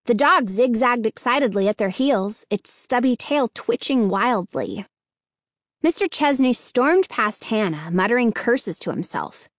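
A woman narrates a children's chapter book with steady, clear storytelling. Her voice sits a little high. The recording is dry and close. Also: measured pace, no room sound. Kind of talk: scripted audiobook narration.

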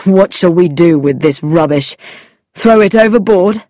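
A woman voicing a stern, brooding man who is quick to anger in a read-aloud story, speaking low and gruff with a threatening edge. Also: dark tone, no room sound, clean studio sound, lightly acted. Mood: wry. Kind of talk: storybook character voice.

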